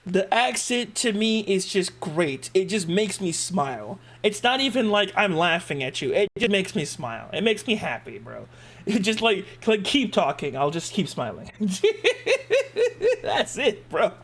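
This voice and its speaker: A man streaming live and chatting casually, animated, laughing often and swearing freely. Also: sits high, normal speed.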